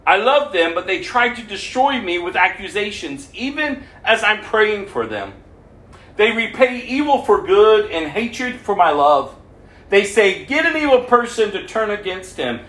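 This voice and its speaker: Guy reading the bible out loud, pretty high voice, bouncy, roomy echo. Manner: lively reading that lifts the voice for quoted speech. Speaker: preacher. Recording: echoey room.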